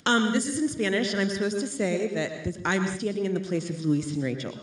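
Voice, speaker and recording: A woman leading a call and response, animated with small hesitations. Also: medium pitch, brisk. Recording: echoey room from far off.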